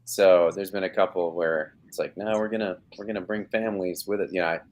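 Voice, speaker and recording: A man's voice: deep voice, fairly even intonation, fairly quick, darkish tone. A man in his thirties, an actor talking from home on a video call, rambling with lots of fillers and restarts. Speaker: actor guest. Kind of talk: casual live interview chat.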